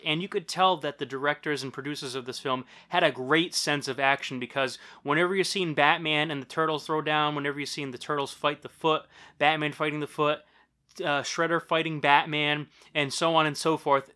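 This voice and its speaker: A man in his thirties reviews a film for his channel in a casual, upbeat way, often calling his viewers "guys". His voice is bright and a little tense. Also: on the high side, steady tone, brisk. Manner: enthusiastic, addresses viewers as "guys".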